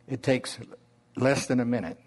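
A man preaching a sermon in a slow Oklahoma drawl, deliberate and conversational. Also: mid-range voice, a little mellow.

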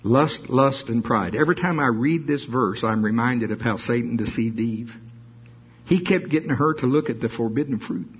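Husky-voiced male preacher. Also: mid-range voice. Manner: reads scripture slowly, adds asides with laughs. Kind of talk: sermon. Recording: dull lo-fi sermon recording.

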